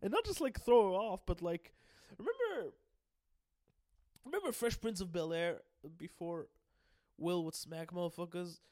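A young man recaps a story casually, rambling with many restarts and laughing often. His voice sits fairly high for a man. The sound is dry and close. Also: lively intonation, unhurried, a little mellow, no echo. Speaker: video host.

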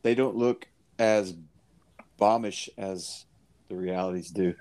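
A man co-hosting a podcast in easygoing casual chat, quick to laugh along. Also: fairly low pitch, steady tone, darkish tone. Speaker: podcast co-host.

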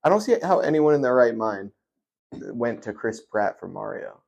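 A man's voice: medium pitch, big pitch swings, moderate pace, gravelly, darkish tone, muffled recording. A man co-hosting a podcast, joking and swearing in casual chat. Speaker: podcast co-host.

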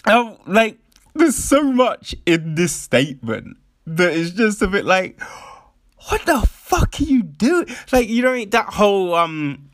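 A man's voice: high-pitched, sing-song, slow pace, fairly bright tone, no room sound, studio quality. A man giving casual commentary, mocking and incredulous, swearing often and laughing.

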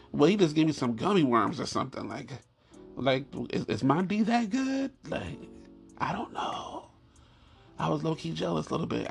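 Gravelly man telling stories with laughs. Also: a little high. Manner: animated, laughing, swears freely, repeats phrases. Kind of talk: casual comedic storytelling.

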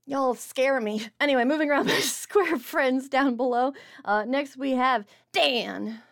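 A woman's voice: high-pitched, unhurried, fairly bright tone. A woman hosting a tabletop game stream as its game master, chatty and stumbling over her words. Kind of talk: tabletop stream intro and announcements.

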